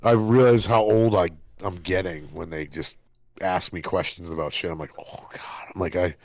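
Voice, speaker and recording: A man's voice: deep voice, steady tone, normal speed, no echo. A man in his forties co-hosting a podcast, a father who talks bluntly and swears when exasperated. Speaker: podcast co-host. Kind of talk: casual chat.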